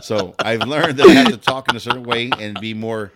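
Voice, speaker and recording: A man hosting a casual podcast, speaking in a measured way that slurs slightly as he talks on. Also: mid-range voice, sing-song, heavy background noise. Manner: slurs words slightly, measured stage enunciation. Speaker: podcast host.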